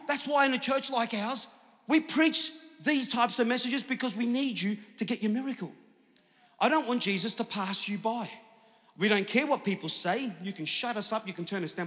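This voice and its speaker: A man preaching with great passion, swinging between quiet, hushed lines and full-throated shouts. His voice sits high and sounds forceful and bright. It rings out across a large church hall with a long, lingering reverb. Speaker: pastor. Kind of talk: sermon.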